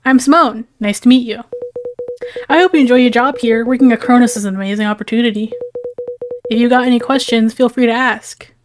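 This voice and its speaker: A woman's voice: on the high side, fairly even intonation, fairly quick, natural voice. A woman voicing a friendly, chatty female coworker in a game, over game music.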